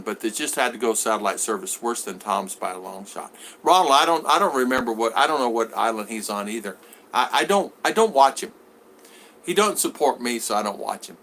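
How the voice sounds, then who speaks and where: Speaking in a mid-range, slightly bright voice, a male vlogger rambles through stories on a live stream in a casual way. He brings each character to life by performing their voices.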